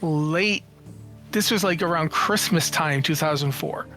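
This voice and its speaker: A man in his forties, a guest in an interview, telling stories in a casual, animated, jokey way, acting out quoted lines and often restarting his sentences. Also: on the high side, a little slow, faint music behind. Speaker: interview guest, games journalist and writer.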